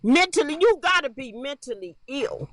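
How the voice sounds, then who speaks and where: An angry woman ranting on a livestream, profane, shouting and repeating herself. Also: sits high, lively intonation, moderate pace, dry recording.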